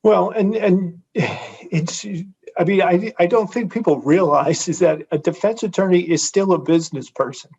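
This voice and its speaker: A man's voice: high-pitched, moderate pace, vocal fry, a little mellow, slightly rough. A man hosting an interview, responding in an affirming, conversational way. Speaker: interviewer host. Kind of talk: casual interview talk. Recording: dull lo-fi sound.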